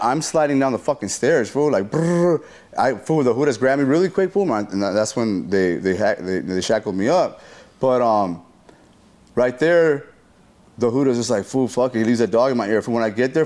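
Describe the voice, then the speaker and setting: A man in a relaxed interview telling a story in a loose, slang-heavy and profane way. He is mid-pitched, and he keeps acting out what people said and punching it up with sound effects. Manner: animated retelling that acts out what people said.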